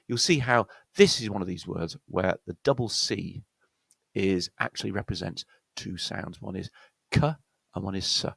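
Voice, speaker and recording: Gravelly British man teaching pronunciation. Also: low-pitched, animated, a bit bright, no echo. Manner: explains slowly with many fillers and self-corrections. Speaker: accent coach. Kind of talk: pronunciation lesson.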